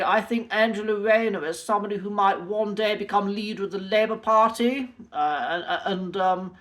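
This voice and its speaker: A man's voice: high voice, a bit bright. A man, a coach giving his opinion in a casual video, hesitating often with ums and uhs. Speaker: accent coach.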